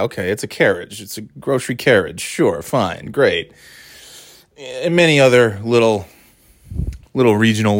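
A man's voice: fairly low pitch, no room sound, studio quality. A man from New England in a rambling, self-mocking monologue, exasperated at times.

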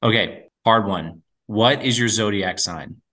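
A man's voice: fairly low pitch, unhurried, sharp tone. Playful slangy man hosting a quiz. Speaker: podcast co-host. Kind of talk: casual chat, quiz host.

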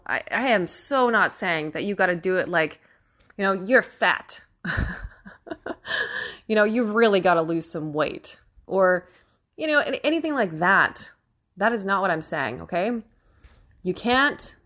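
A young woman hosting a casual opinion monologue, her voice sitting at an ordinary middle pitch. She speaks with earnest emphasis, swears freely and laughs often, sounding close to tears with emotion. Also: a bit bright. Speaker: host.

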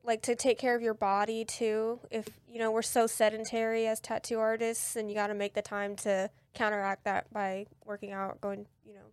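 A woman's voice: fairly high pitch, little pitch movement, normal speed, hardly any pauses, smooth, no echo. A woman tattoo artist co-hosting a casual podcast, upbeat and laughing as she reads viewer questions. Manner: upbeat, laughs between lines.

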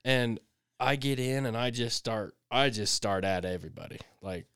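Smooth-voiced man telling a rambling story. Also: mid-range voice, moderate pace, dry recording, clean studio sound. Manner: rambling, animated storyteller with restarts and sound effects. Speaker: podcast co-host. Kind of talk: casual storytelling chat.

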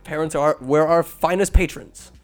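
A man voicing a high-strung older male librarian who scolds in a shrill voice. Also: fairly even intonation, moderate pace, close to an everyday voice. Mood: irritated.

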